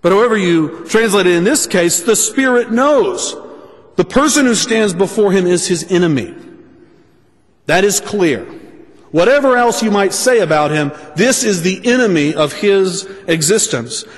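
A man preaching a sermon, speaking deliberately and restating his points for emphasis. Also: sits high, lively intonation, in a large hall.

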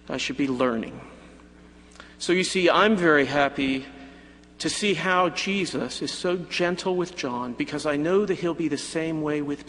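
A man preaching a sermon in a church, animated and expressive, sometimes acting out imagined quotes. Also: mid-range voice, a little hiss or hum. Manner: animated preaching, voices hypothetical quotes of Jesus. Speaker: pastor. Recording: church hall reverb.

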